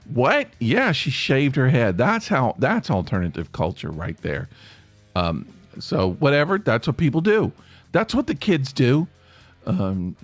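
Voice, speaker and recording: A podcast host from Tennessee, speaking with an East Tennessee Appalachian accent, rambles chattily through a monologue like a storyteller. His voice is medium-pitched and the recording is dry.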